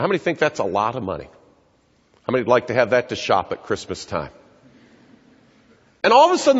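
Middle-aged male speaker, husky and earnest, live talk in a reverberant hall, lo-fi. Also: medium pitch. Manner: earnest, acts out quoted voices. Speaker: speaker addressing an audience. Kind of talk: public talk, storytelling. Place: large hall before an audience. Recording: echoey hall, dull lo-fi sound.

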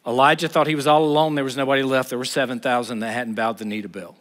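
A man's voice: medium pitch, flat delivery, quick pace, a bit bright. A middle-aged man preaching a sermon in an emphatic, blunt, conversational way. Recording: reverberant hall.

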